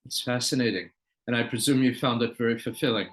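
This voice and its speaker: A man's voice: medium pitch, fast, poor audio. A man interviewing a guest, asking follow-up questions and adding short reactions. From United States. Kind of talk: conversational interview.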